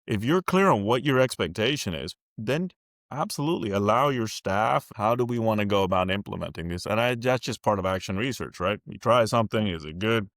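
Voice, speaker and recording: A man's voice: fairly low pitch, animated, a little fast, a bit bright, no room sound, studio quality. A man who leads a school district, talking in a casual interview in a plain-spoken, folksy way and acting out the conversations he quotes. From California.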